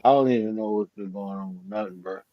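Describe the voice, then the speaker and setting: A man's voice: lowish voice, quick pace, no room sound, lo-fi sound. A man on a live sports stream, telling laid-back, profane stories in casual chat.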